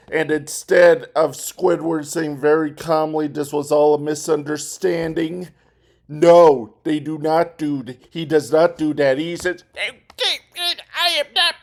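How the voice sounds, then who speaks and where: A man's voice: fairly high pitch, a little mellow. A man hosting a casual commentary vlog, rambling and correcting himself as he talks. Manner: rambling, self-correcting, chatty. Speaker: vlog host.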